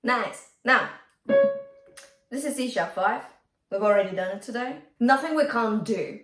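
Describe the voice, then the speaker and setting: A woman's voice: a little high, unhurried, long pauses, a bit bright, echoey room, distant mic, soft background music. A woman vocal coach teaching a singing lesson, encouraging her students and breaking into sung examples.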